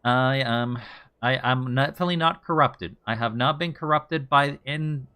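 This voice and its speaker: A man's voice: mid-range voice, moderate pace, sharp tone, smooth. A man doing casual, jokey commentary over a game he is streaming, often laughing as he talks. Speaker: let's play streamer.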